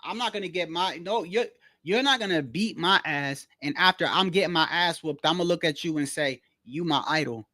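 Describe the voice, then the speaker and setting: High-voiced slangy man chatting on stream. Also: brisk, no echo, clean studio sound. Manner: slangy, rambling, keeps saying "bro"; animated storytelling, repeats himself. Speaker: livestream host. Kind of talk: casual livestream boxing chat.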